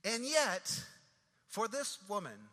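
Male pastor, sermon, rhythmic refrains, very bright tone, long hall reverb. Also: high voice, very animated, slow pace. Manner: dramatic rhythmic preaching with rising repeated refrains.

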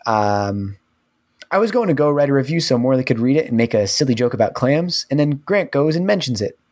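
A man co-hosting a podcast in casual chat, rambling and full of fillers. His voice sits at an ordinary pitch, close on a studio microphone. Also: sing-song, a little fast, a little mellow. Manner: rambling, filler-heavy recommending. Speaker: podcast co-host.

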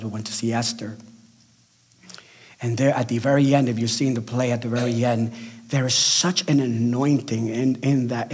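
A middle-aged man with a slightly husky voice delivers a sermon in an emphatic preaching style. He drops to hushed, near-whispered phrases for effect, then rises again, and he acts out the people he quotes in a raised, excited voice. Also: medium pitch. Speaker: pastor.

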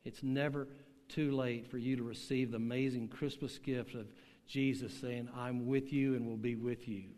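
An older man preaching a sermon, telling a story slowly and emphatically with dramatic pauses, to a church room and an online audience. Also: medium pitch, steady tone, darkish tone. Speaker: pastor. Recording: long hall reverb.

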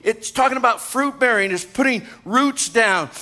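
High-pitched, bright-voiced preaching man. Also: moderate pace, faint music behind. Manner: energetic, excitable, jokes with congregation. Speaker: pastor. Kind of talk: sermon.

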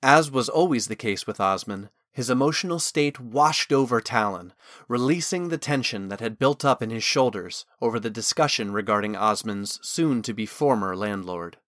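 A man narrating a fantasy novel as an audiobook, with measured, expressive storytelling. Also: mid-range voice, dry recording, studio quality. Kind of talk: scripted narration.

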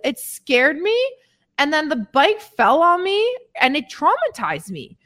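A woman with a fairly high voice that swings widely in pitch, speaking as a weight-loss coach in a casual motivational podcast. She talks candidly and chattily, addressing her listeners as ladies and letting the odd swear word slip. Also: big pitch swings, unhurried, fairly bright tone.

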